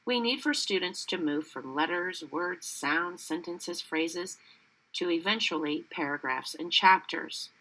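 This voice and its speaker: A woman literacy educator giving scripted training narration in a steady, explanatory way. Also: on the low side, a little slow, poor audio.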